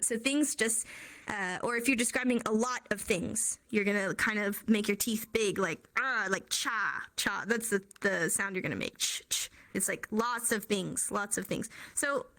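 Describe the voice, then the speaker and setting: A woman's voice: on the high side, animated, normal speed, a bit bright. A young woman casually teaching a sign language class online, chatty with many fillers and frequent laughs.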